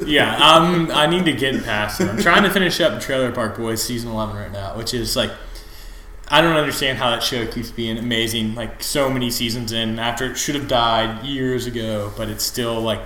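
A young man chatting casually with a buddy, swearing freely and laughing easily. His voice is bright and forceful. It sounds like a roomy space with a faint hum behind him. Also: mid-range voice, normal speed. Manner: profane, animated, laughs a lot. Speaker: podcast co-host. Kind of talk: casual chat.

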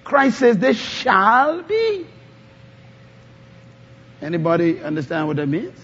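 Husky high-voiced male preacher. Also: huge pitch swings, takes it slowly, a bit bright. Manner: call-and-response preaching, asks the congregation to answer. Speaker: pastor. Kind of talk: sermon. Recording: dull lo-fi sound.

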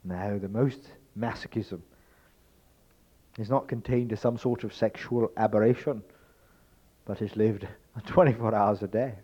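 A man giving a spoken lecture in an emphatic, rhetorical way, swinging between loud stresses and hushed asides. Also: on the low side, unhurried, long pauses. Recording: dull lo-fi recording.

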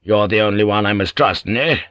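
A man's voice: lowish voice, a bit bright, no echo, natural voice. A man voicing a cunning, commanding warlord. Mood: scheming. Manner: measured, authoritative, sly. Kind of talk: audiobook character voice.

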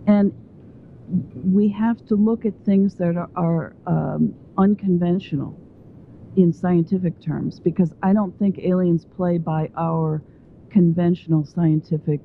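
Woman on a phone-in, kinda low voice, rambly and chatty, tinny line. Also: steady tone, a little slow, vocal fry, a little hiss or hum. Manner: talkative and digressive. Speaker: guest author. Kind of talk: phone interview.

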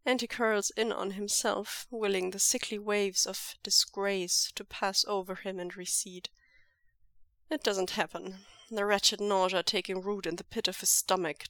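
A woman narrates fiction in a steady, measured voice at a middle pitch. The recording is close and dry, with no room echo around her. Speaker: podfic reader. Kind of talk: scripted narration of fan fiction.

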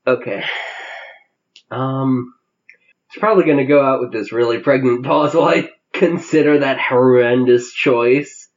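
A male podcast co-host trades dry, quick jokes in a relaxed tone. His pitch is middle-of-the-road, and the recording is slightly dull and lo-fi. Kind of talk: casual comedic chat.

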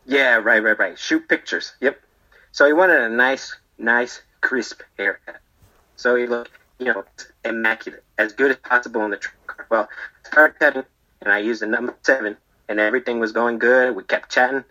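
A man's voice: medium pitch, normal speed, sharp tone, rough recording. A man playing a rambling, defensive barber in prison who tells his story in a comedy monologue and keeps tagging his lines with "okay?" and "right?". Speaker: storyteller being interviewed.

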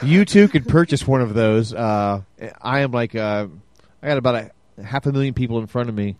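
A laid-back man co-hosting a casual podcast, often laughing as he talks. His voice sits in a middle pitch. The sound is dry and close. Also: moderate pace, darkish tone, no room sound. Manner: laid-back, laughing, reads a listing aloud in a mock accent. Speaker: podcast co-host. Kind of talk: casual chat.

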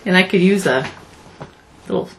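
A woman's voice: on the low side, moderate pace, gravelly, slight background noise. A woman co-hosting a casual talk show, asking curious, skeptical questions. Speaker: co-host. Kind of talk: casual banter.

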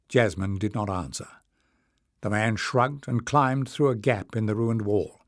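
His voice sits on the low side as he narrates a fantasy audiobook from a script, telling the story in a measured, expressive way. The recording is dry and of studio quality.

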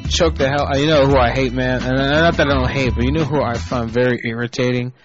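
A man's voice: medium pitch, fairly even intonation, fast talker, dull audio, music in the background. A man hosting a prank call internet radio show, talking in a crude, rambling, mocking way.

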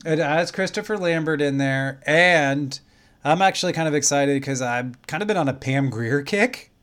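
A man's voice: fairly high pitch, moderate pace. A man co-hosting a casual podcast about cult films, who talks in an easygoing way and steers the episode. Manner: relaxed, wraps up the episode. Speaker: podcast co-host. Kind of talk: casual chat.

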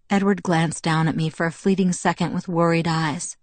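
A woman narrating a first-person novel in a steady, measured storytelling voice. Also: lowish voice, dry recording. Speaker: audiobook narrator.

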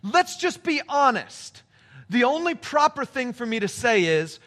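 Brief: male pastor, high and bright voice, emphatic storyteller. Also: very animated, a little slow. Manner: storytelling, emphatic, shifting pace. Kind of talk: sermon.

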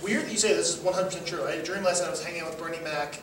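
A male comedian chatting casually, quick and sarcastic with many restarts. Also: a little high, fairly even intonation. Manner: quick, sarcastic, self-correcting. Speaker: comedian, guest. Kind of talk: casual chat. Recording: echoey room, mic at a distance, faint noise.

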